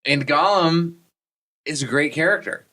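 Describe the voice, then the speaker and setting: A man's voice: a little high, unhurried, sharp tone. A man from Texas hosting a podcast, chatting casually in a jokey, rambling way with many restarts. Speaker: podcast host. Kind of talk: casual chat.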